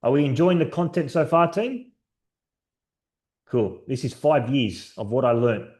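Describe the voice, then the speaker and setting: A man's voice: mid-range voice, expressive, unhurried, a little mellow. A man presenting a sales training session to his team over a video call, upbeat and encouraging, telling stories. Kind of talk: live online training session.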